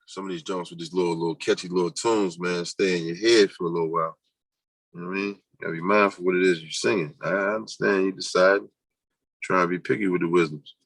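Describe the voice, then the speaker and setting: A man with a low voice hosts a casual livestream and rambles loosely, half to his chat and half to himself. His voice sits close and dry on the mic, with almost no room around it. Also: fairly even intonation, fast talker, gravelly, a bit bright, no echo, poor audio. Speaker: livestream host.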